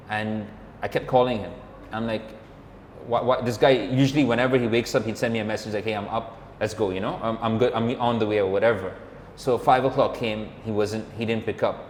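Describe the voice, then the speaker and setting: Rambling man in an echoey room. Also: fairly low pitch. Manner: rambling, filler-heavy, acts out quoted dialogue. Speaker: podcast co-host, motorcyclist. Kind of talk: casual storytelling chat. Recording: roomy, reverberant room with faint background hum.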